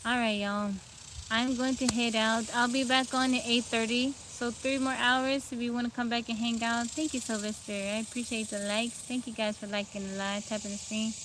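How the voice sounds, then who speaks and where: Woman, relaxed, sleepy, outdoor livestream, phone mic, insect noise. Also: fairly high pitch, normal speed. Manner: relaxed, greets viewers by name. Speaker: livestream host. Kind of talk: casual live stream chat. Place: outdoors among trees. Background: insects and outdoor ambience.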